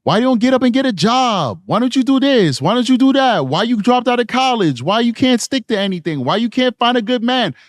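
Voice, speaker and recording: A man's voice: very high-pitched, expressive, dry recording, clean studio sound, voice pushed up. A man voicing a scolding, disappointed Puerto Rican parent with a mocked Puerto Rican accent, firing off nagging questions. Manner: nagging, rapid-fire questions.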